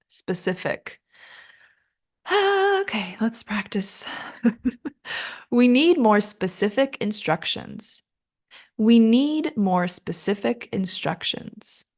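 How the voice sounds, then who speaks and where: A woman, possibly, teaching English pronunciation in a casual spoken lesson. She is chatty and self-mocking, drags out the words she models, and sounds worn out from recording several episodes in a row. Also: fairly high pitch. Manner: chatty, self-mocking, laughs at her own slips; slow, drawn-out model pronunciations.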